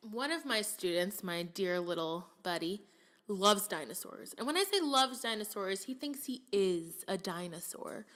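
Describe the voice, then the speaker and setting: A woman's voice: medium pitch, unhurried. A young woman teacher co-hosting a podcast, telling classroom stories with lots of laughter and self-quoting. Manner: animated storytelling, quoting herself in a raised voice, laughing often. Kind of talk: casual podcast chat.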